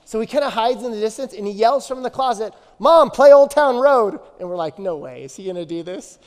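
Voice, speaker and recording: A man's voice: high-pitched, fast talker, a little mellow, long reverb tail. A man in his thirties preaching a sermon as pastor, telling stories with energy and repeating phrases for emphasis.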